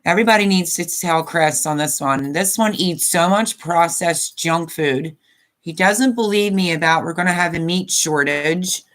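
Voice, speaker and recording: A woman's voice: lowish voice, normal speed, fairly bright tone. A woman in her fifties hosting a casual live stream, chatting in a rambling way and reading viewer comments aloud.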